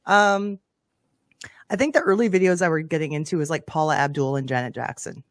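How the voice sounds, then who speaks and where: A woman's voice: low voice, a little fast, no room sound, clean studio sound. A woman from Canada, a podcast guest, telling stories of her youth in an upbeat, chatty way with easy laughter. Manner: upbeat storytelling, laughs easily. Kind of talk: casual chat.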